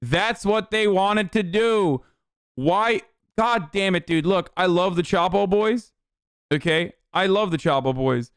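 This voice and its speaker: A man's voice: high-pitched, measured pace, clear, resonant tone, no room sound, studio quality. A young man streaming political commentary, ranting bluntly with a lot of swearing and exasperation. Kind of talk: casual livestream commentary.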